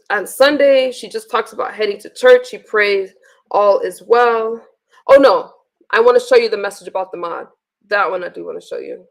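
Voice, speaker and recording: Woman, livestream host, gravelly voice, blunt, profane, ranting. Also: mid-range voice. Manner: blunt and profane, venting with restarts. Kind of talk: casual livestream rant.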